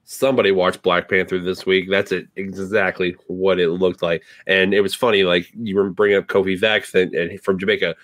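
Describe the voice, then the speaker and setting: A man on a casual wrestling podcast who keeps things relaxed and moves the talk from topic to topic, dropping in plenty of fillers. His voice sits fairly low and sounds dry and close, with almost no room around it. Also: a little fast, few pauses, no echo. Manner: relaxed, steers segments, uses fillers. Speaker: podcast co-host.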